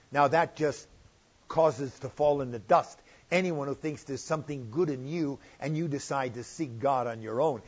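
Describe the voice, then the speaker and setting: An older man preaching a sermon with a slightly husky voice, stressing key points with rising emphasis and slowing down. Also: a little high, dull audio. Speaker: pastor.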